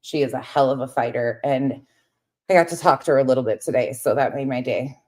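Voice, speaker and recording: Her voice is very deep, brisk, and slightly mellow as she hosts a laid-back late-night stream, reading chat and speaking directly to viewers. She walks around as she talks, cursing often and becoming heated.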